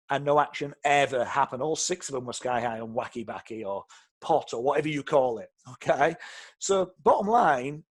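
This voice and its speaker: Guy telling a story, pretty high voice, keeps saying okay. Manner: animated, conversational, checks in with "okay?". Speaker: property investor and trainer. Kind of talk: storytelling talk.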